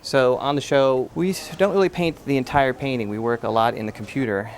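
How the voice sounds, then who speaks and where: A man in a behind-the-scenes feature who calmly explains background painting and gives notes to a painter, with many pauses. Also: mid-range voice, slight background noise.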